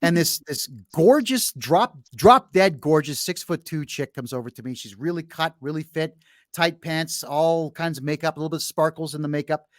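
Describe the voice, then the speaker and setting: A man's voice: a little high, normal speed, no echo, clean studio sound. A brash middle-aged man hosting a podcast, telling a long story bluntly in casual chat. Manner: frequent restarts and fillers while telling a story. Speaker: podcast host.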